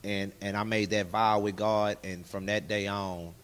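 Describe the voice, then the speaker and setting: A man, a guest in a candid interview, telling his personal testimony and acting out dialogue in lively voices. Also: fairly low pitch, a little slow, clean tone. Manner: animated storyteller who acts out dialogue in other voices.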